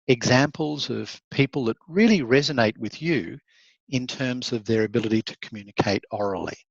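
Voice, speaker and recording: An Australian law lecturer runs an online class, reading student chat comments aloud and answering them warmly and conversationally, often laughing. His voice is ordinary in pitch, and the recording is dry and a little muffled.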